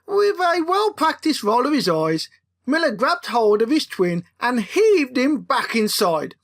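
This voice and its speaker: Woman, comic audiobook narration, expressive, playful, higher pitch, lively swoops. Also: a little slow. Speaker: author reading her own book.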